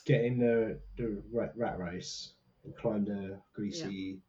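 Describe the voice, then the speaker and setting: A man's voice: on the low side, fairly even intonation, takes it slowly, dark tone, lo-fi sound. A man co-hosting a podcast in casual, jokey, self-mocking chat from a small hot room. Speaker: podcast co-host.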